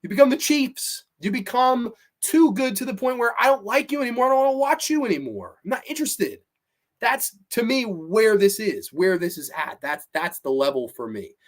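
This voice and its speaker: A man's voice: sits high, big pitch swings, moderate pace. A man hosting a live horror show, reading chat and ranting bluntly with profanity. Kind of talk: casual live-stream chat.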